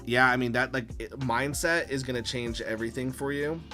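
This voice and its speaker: A male live-stream host and comic artist chats casually while drawing, rambling and profane with many fillers. He tells stories animatedly, acting out his own quotes, in a medium-pitched voice that runs a little fast over music.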